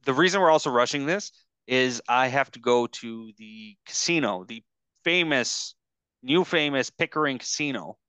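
A podcast host chatting casually over a video call, rambling and halting with lots of fillers. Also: male voice, medium pitch, lively intonation, pushed and bright, clear, resonant tone, no room sound. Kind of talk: casual chat.

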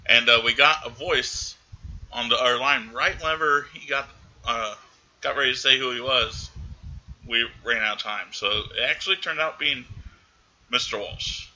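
Man, casual movie recap chat, very bright tone, dull lo-fi sound. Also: medium pitch, moderate pace. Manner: animated retelling, acting out characters' lines. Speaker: podcast co-host.

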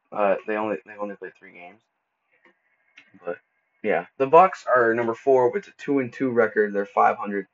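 A man hosting a casual solo podcast, talking loosely and stumbling over words as he goes, with relaxed slang. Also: fairly low pitch, a little slow, long pauses. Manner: casual, stumbles and restarts often; laid-back slang like bro and dude. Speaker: podcast host. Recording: dull lo-fi recording.

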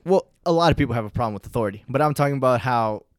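A man's voice: mid-range voice, expressive, rapid-fire, dry recording. A young man co-hosting a casual podcast chat, laid-back and prodding with questions. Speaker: podcast co-host.

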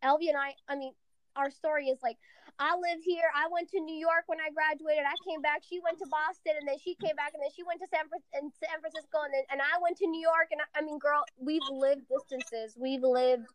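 High-voiced emotional woman podcast host. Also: fairly even intonation, brisk, no echo. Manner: emotional, gushing, apologetic. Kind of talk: casual podcast chat.

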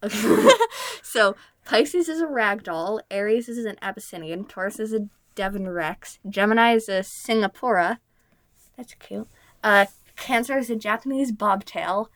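A woman hosting a casual podcast chat, reading notes aloud in a halting, giggly way. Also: medium pitch, no echo. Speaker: podcast host.

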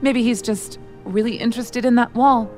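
A woman's voice: on the high side, moderate pace, a little mellow, voice pushed up, close to an everyday voice. A woman voicing a bossy young female music executive who shrieks and sneers. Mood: angry. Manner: shrieking, scornful.

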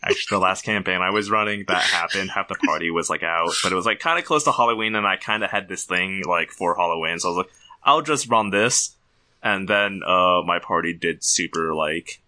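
A man's voice: low voice, fairly quick, hardly any pauses, sharp tone. A man hosting a podcast, recapping a show in a casual, rambling way with fillers. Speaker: podcast host. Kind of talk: casual chat.

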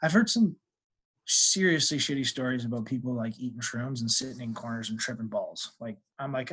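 A young man who is a guest on a podcast, telling stories in casual chat, swearing freely and animated. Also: mid-range voice, moderate pace. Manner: profane, animated storyteller.

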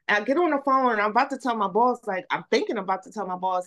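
A woman guest on a podcast, telling her story in casual chat with animated energy, repeating words and saying "y'all". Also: medium pitch, quick pace, hardly any pauses.

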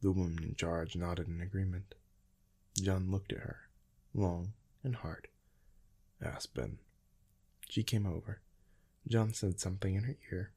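A man narrating first-person fiction in a steady, measured reading. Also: low voice, breathy edge. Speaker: audiobook narrator.

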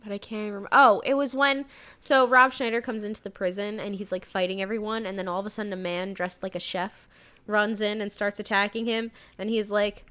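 A woman's voice: medium pitch, steady tone, brisk, a bit bright, smooth. A young woman casually recapping a movie plot in a rambling, chatty way, laughing now and then.

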